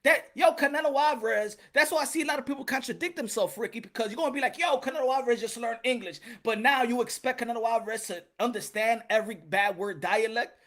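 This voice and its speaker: A man hosting a boxing show in casual livestream commentary, animated and profane, often breaking into laughter and greeting viewers. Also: very high-pitched, quick pace, hardly any pauses.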